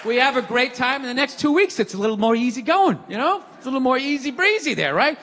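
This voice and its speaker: A male stand-up comedian ranting on stage into a handheld mic, loud and profane. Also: very high voice, sing-song, fast, big-room sound, a faint crowd. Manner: loud, exasperated, profane shouting.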